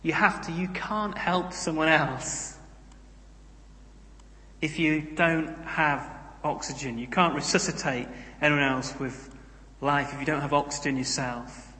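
A man's voice: fairly high pitch, steady tone, measured pace, sharp tone. A man preaching a sermon in a conversational way, with humorous asides. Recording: echoey hall, roomy reverb.

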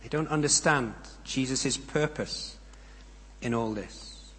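A man's voice: medium pitch, fairly bright tone, a little hiss or hum. Man preaching in a reverberant hall. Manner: measured, emphatic delivery with pauses and rhetorical questions. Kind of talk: sermon. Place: church. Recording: long reverb of a church hall.

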